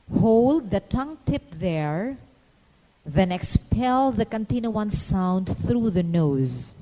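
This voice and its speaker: A woman narrating a scripted phonetics lesson in a measured, instructional way, pausing to demonstrate each sound. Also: medium pitch, warm tone, in a large hall, poor audio. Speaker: phonetics teacher.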